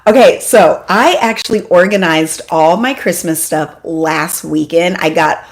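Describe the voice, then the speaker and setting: A woman hosting a casual live stream from home, chatty and excitable, joking at her own expense and greeting viewers by name. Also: on the low side, measured pace. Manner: self-deprecating, apologetic asides. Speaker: homeschool mom vlogger hosting a live stream.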